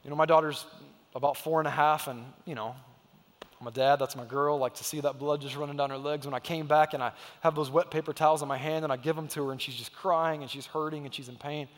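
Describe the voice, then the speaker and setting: A pastor in his thirties delivers a sermon to his congregation in a high, steady voice, speaking fast. He tells family stories with emphasis and acts out the voices and quotes in them, his words ringing with long reverb through the church sanctuary.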